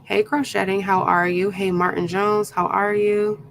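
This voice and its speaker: A woman's voice: mid-range voice, little pitch movement, unhurried, gravelly, a little hiss or hum, low-quality recording. A woman hosting a live craft tutorial, chatting casually and greeting her viewers one by one by name, with plenty of ums along the way. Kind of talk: casual live-stream chat.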